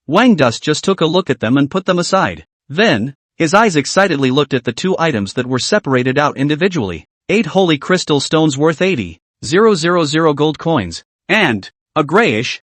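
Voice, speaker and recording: Male narrator, scripted comic recap, slightly high voice, clipped stat-reading delivery. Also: no echo. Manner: reads out stat lists in short clipped phrases.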